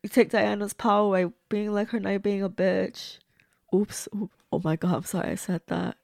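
A woman's voice: medium pitch, steady tone, moderate pace, gravelly, a little mellow, dry recording, studio quality. A woman giving casual, blunt, reactive commentary as she watches and reviews a movie. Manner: chatty, blunt and reactive, swears freely.

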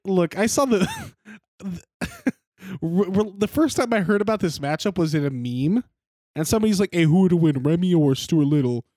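A man's voice: sits high, animated, normal speed, a little mellow, no echo. A man with a slightly raised voice rambles through casual podcast chat, laughing often and swearing freely. The sound is close and dry, with no room around him. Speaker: podcast co-host.

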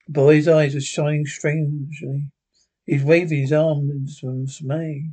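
A man with a slightly husky voice, a touch higher than most, narrates an old horror tale. He reads steadily, stumbling and correcting himself now and then. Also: little pitch movement, measured pace, warm tone. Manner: reads with small slips and restarts. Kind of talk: reading a classic horror story aloud.

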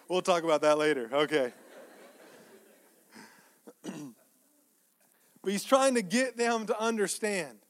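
Male pastor, high tenor, emphatic repetitive sermon delivery with soft-to-loud swings. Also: very animated, very slow, pauses often. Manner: emphatic, repeats phrases, swings between soft asides and loud peaks.

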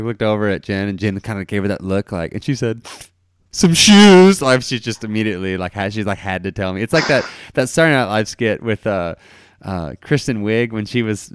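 Low-voiced man hosting a podcast. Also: smooth, no echo, studio quality. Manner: relaxed, laughs easily. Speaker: podcast host. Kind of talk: casual chat.

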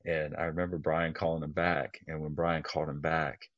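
A man and former helicopter pilot telling a story in a casual group interview, animated and laughing as he mimics radio calls. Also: very deep voice, normal speed, a little hiss or hum. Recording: dull lo-fi podcast audio.

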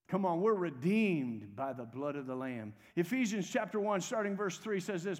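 Pastor guy preaching, pretty high voice, church reverb ringing out. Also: animated, brisk, few pauses. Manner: preaching, urging the congregation to repeat phrases. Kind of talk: sermon. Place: church sanctuary. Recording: long reverb of a church hall.

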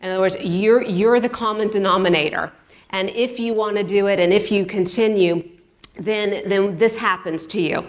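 A woman's voice: medium pitch, normal speed. A woman pastor preaching a sermon in a chatty way, repeating words for emphasis. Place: church.

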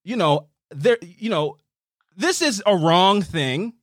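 A man's voice: high-pitched, lively intonation, slow pace, dry recording, clean studio sound. A man co-hosting a casual podcast chat, talking animatedly and dropping into mocking quoted voices. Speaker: podcast co-host.

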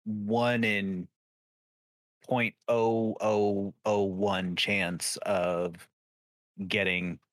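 A man talking as a guest on a gaming podcast, measured and agreeable with halting restarts. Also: on the low side, a bit bright, dry recording. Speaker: podcast guest, content creator. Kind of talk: casual podcast chat.

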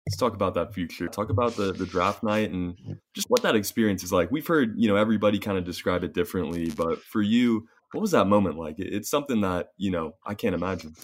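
A man's voice: sits low, lively intonation, fast. A man hosting an interview, asking questions in an easygoing, conversational way. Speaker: interviewer, host.

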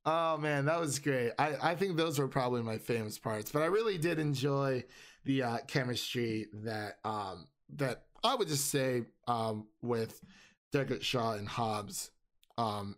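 Guy on a movie podcast, laughs a bunch, lots of um and restarts. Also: medium pitch. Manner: laughs often, halting with many restarts. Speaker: podcast co-host. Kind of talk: casual movie review chat.

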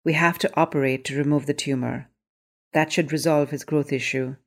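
A woman voicing a calm male doctor in a story reading, speaking in a firm, measured way. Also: low voice.

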